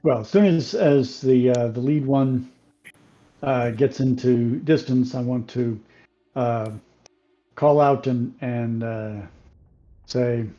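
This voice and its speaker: A man playing a tabletop game, talking in a halting, stumbling way. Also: mid-range voice, mellow, muffled recording. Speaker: player. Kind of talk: casual tabletop play.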